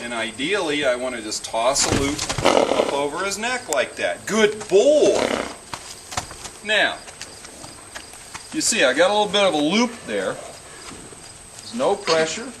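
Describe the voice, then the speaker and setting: A man trains a horse and talks the viewer through each step in an even, soothing way. His voice sits slightly high. Loud crickets and insects chirp behind him in the open air. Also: a little slow, pauses often, recorded from a distance. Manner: calm, soothing, repeats praise. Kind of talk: instructional commentary while working. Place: outdoor pen. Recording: outdoors with loud insect noise.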